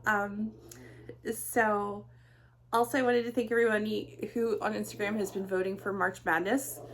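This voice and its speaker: A woman's voice: mid-range voice, little pitch movement, normal speed, a little hiss or hum. A middle-aged woman chatting casually on her craft vlog, rambling through stories with many fillers. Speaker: craft vlogger.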